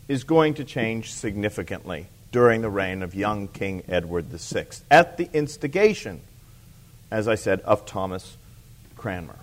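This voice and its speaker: A man's voice: on the high side, a bit bright. Emphatic man lecturing a live class. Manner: emphatic, repeats key points, asks the audience questions; dry teasing asides to listeners. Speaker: church history lecturer.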